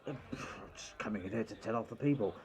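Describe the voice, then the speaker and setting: A man's voice: lowish voice, fast talker, a little mellow, husky. A man voicing a self-important, flustered town sheriff in a tabletop game. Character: pompous middle-aged male town sheriff.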